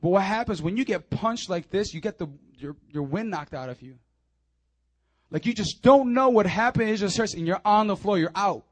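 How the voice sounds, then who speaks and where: A young man preaches a sermon in a church, his voice sitting high for a man. He surges into loud, urgent appeals, then drops into quiet, confiding asides as he tells his own story. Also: expressive, normal speed, no echo. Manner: impassioned preaching, swinging between loud urging and low confiding asides. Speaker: pastor. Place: church sanctuary.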